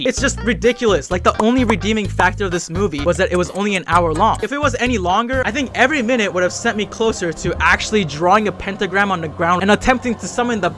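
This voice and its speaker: A man's voice: high-pitched, a bit bright. A young man reviewing a bad anime game, ranting with exasperation and lots of swearing. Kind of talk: comedic rant review.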